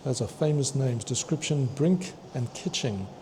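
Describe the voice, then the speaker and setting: A man excitedly touring a fossil museum, chatting to his viewers and tripping over long names. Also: mid-range voice, moderate pace, slight background noise. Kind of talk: walking museum tour vlog. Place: indoor museum hall.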